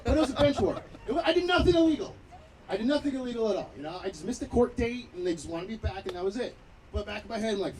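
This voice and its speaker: A man doing a crude, loud stand-up set at an outdoor backyard show, telling a story with acted-out quotes. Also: sits high, lively intonation, quick pace. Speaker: stand-up comedian. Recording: distant mic, crowd noise. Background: laughing crowd.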